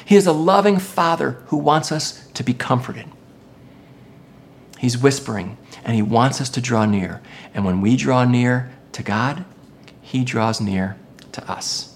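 A pastor preaching a sermon in an expressive way, moving between emphatic lines and hushed ones. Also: mid-range voice, measured pace, slight background noise.

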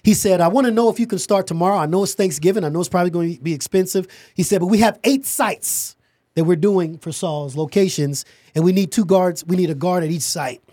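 A middle-aged man, a podcast guest, telling an animated story about starting his company and acting out the dialogue. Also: sits high, a little fast, dry recording, studio quality.

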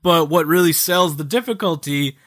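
A man co-hosting a casual video game podcast, with a bright and slightly high voice. He is jokey and animated, and he slips into silly voices to quote the characters. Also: normal speed. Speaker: podcast co-host. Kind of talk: casual chat about video games.

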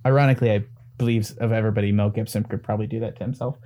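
Rambling, animated man in casual chat. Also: on the low side, very fast. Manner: animated, rambling, swears and laughs often. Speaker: podcast film reviewer.

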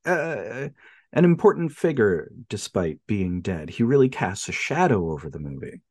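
A man's voice: fairly low pitch, moderate pace, husky, no room sound. A man co-hosting a film podcast in casual chat, chuckling often and retelling scenes. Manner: chuckling, retells scenes with animated quoted lines.

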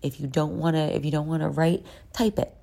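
A woman talks through a casual self-help voice note, profane and loose, and often drops to a whisper. Her voice sits extremely low, with a dark, gravelly creak. It sounds recorded on a phone. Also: brisk. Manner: chatty, profane, slips into whispers. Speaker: vlogger.

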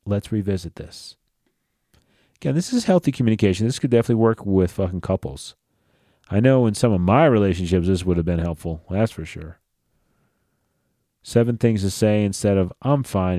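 A man's voice: lowish voice, animated, normal speed, long pauses, warm tone, no room sound, clean studio sound. A man hosting a casual solo podcast, talking bluntly and profanely in a loose, conversational way, sounding tired. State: tired, yawning. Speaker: podcast host.

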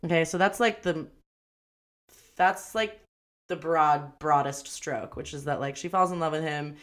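A woman co-hosting a podcast, chatting casually about a movie, rambling and laughing as she acts out lines. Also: low-pitched. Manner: chatty, rambling, quick to laugh and act out quotes. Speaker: podcast co-host. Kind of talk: casual movie review chat.

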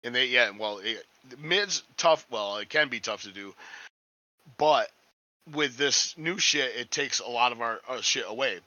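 A man's voice: mid-range voice, unhurried, bright, forceful tone, no room sound, low-quality recording. A man chatting casually as a restaurant line cook, rambling, swearing a lot and sounding cocky. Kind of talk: casual podcast chat.

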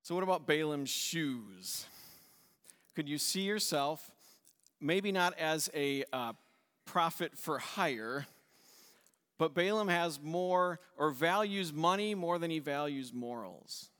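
A man's voice: fairly high pitch, expressive, takes it slowly, a bit bright, smooth. Man preaching in a reverberant hall. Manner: conversational storytelling, acts out quoted voices with laughs. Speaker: pastor. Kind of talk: sermon.

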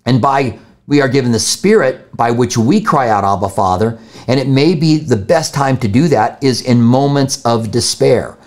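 A man's voice: medium pitch, moderate pace, a little mellow. A man answering viewer questions about the Bible on a live stream, thinking aloud with fillers and restarts.

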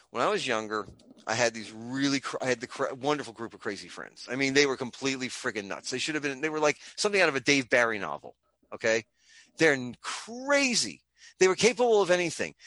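Male guest, theatrical joke teller, bright tone, wildly varied pitch, dry close sound. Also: no echo. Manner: loud, rambling, theatrical joker. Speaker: comic creator and guest. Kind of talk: animated storytelling and joke telling.

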